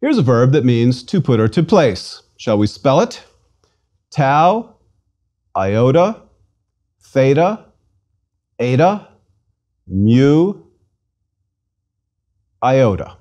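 A man teaching a scripted lesson at an unhurried pace, spelling words letter by letter and pausing for listeners to repeat. His voice is mellow and rises and falls in a lively way. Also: mid-range voice. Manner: slow, patient, enunciates each letter and syllable. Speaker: language instructor.

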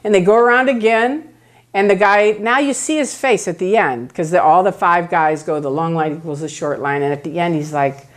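A woman's voice: mid-range voice, moderate pace. A woman giving a public talk, telling stories and acting out the voices of the people in them. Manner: animated, acts out voices of others. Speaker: guest speaker.

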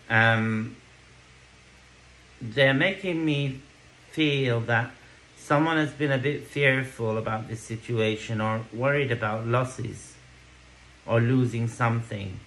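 A man's voice: mid-range voice, a bit bright, slight background noise, poor audio. A man giving a tarot card reading to camera, reassuring, checking in with "okay?" and "yeah?" between thoughts. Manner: reassuring, repeats "okay?" often. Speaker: tarot reader.

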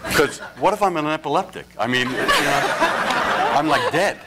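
A man's voice: on the high side, normal speed, very noisy. A middle-aged man coaching actors at a live workshop, joking, laughing and firing off asides. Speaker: acting teacher. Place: workshop stage before audience.

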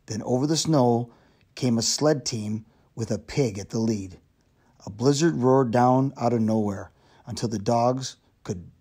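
A man reading a children's novel aloud in steady storytelling narration. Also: mid-range voice, breathy edge. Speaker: reader.

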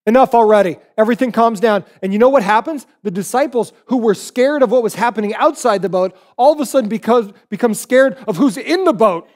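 High-voiced pastor preaching a sermon. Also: male voice, fairly quick, few pauses. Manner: animated storytelling, acts out quoted voices.

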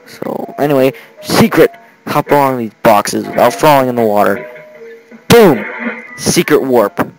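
A man's voice: mid-range voice, expressive, measured pace, creaky, rough recording. A thirteen-year-old American boy giving rambling let's play commentary with chatty, giggly asides. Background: faint game music.

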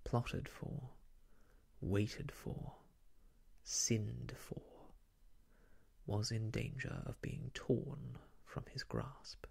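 A man reading an old novel aloud as soft ASMR narration, hushed and half-whispered, close to the microphone. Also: medium pitch, steady tone, very slow, creaky, husky. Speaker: storyteller.

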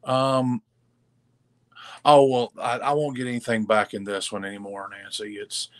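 A man co-hosting a live sales stream in a casual, halting way, full of fillers, greeting viewers by name. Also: medium pitch, level tone. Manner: halting, many fillers and restarts. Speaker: livestream co-host reading viewer comments.

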